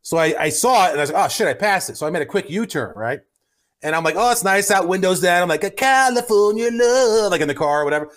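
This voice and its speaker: A man telling a story in a casual podcast chat, swearing freely and acting out his own shouts. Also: a little high, expressive, racing. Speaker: podcast co-host.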